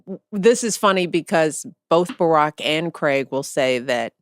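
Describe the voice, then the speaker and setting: Woman, 60s, lively storyteller guest; low-pitched, dry studio sound. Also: a little slow, dry recording. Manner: animated storyteller who laughs and acts out family quotes. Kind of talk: casual interview chat.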